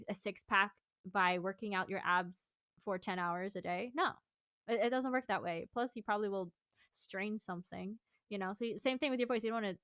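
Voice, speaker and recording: A woman's voice: medium pitch, a bit bright, clean tone, no echo, studio quality. A woman vocal coach giving a casual singing lesson, explaining exercises in a chatty, rambling way.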